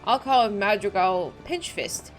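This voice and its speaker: A woman's voice: medium pitch, unhurried, faint music behind, close to an everyday voice. A woman voicing a rowdy, boastful male pirate sailor while reading game dialogue aloud. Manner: folksy salty sailor talk.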